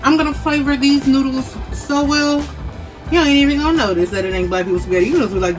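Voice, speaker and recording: A woman's voice: high voice, quick pace. Young woman chatting through a cooking vlog, slangy and easygoing, music playing under her. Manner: chatty, talks straight to viewers with casual slang. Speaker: cooking vlogger. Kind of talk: casual kitchen vlog. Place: home kitchen. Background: background music.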